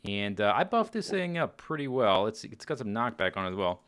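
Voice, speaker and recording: A man's voice: fairly low pitch, a little fast, a little hiss or hum. A man giving chatty, casual commentary over his own gameplay, often exclaiming and chuckling as he plays. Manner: chatty, animated, exclaims and laughs at the game. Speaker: Let's Play host.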